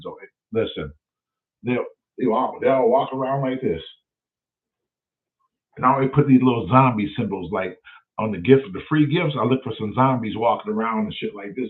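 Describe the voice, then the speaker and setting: A man hosting his own show, telling stories in a profane, animated way. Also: mid-range voice. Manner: profane, animated, loud storyteller. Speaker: show host. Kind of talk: casual livestream storytelling. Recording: tinny phone-like sound.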